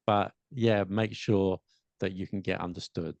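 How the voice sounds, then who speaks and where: A man's voice: sits low, fairly even intonation, vocal fry, darkish tone, no echo. A man from London with a London accent, co-hosting a podcast about learning English in casual, hesitant chat. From London, England. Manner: hesitant, repeats words, explains slowly. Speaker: podcast co-host, English teacher.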